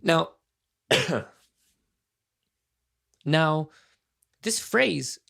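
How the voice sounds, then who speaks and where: A man in his thirties hosts his own podcast solo, speaking in a gravelly, fry-heavy voice that sits a little high and a bit bright. He's earnest and impassioned, stretching words out expressively as he thinks aloud, circling back and restarting his sentences in casual commentary.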